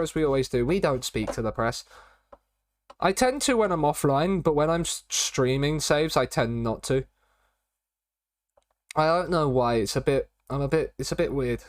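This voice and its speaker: Young male streamer, chatty and rambling, mid-pitched, close dry desk mic. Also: no echo. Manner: chatty, rambling, repeats catchphrases. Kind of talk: casual live-stream commentary.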